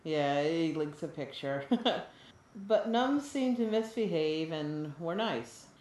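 A woman co-hosting a casual podcast, laughing often and turning animated when she jokes while she reads out listener mail. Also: low-pitched, takes it slowly. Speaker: podcast co-host reading listener email. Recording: roomy echo.

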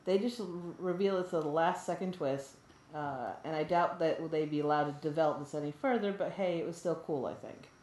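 A woman with a notably low voice co-hosts a casual podcast, reading listener emails aloud. She laughs often and gets animated when joking. The room adds a roomy echo. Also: a little fast.

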